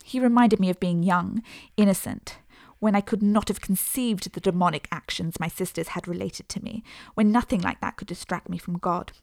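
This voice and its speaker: A woman narrating a first-person story as an audiobook, in a measured, earnest way. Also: fairly low pitch, fairly even intonation, creaky, darkish tone, no room sound, studio quality.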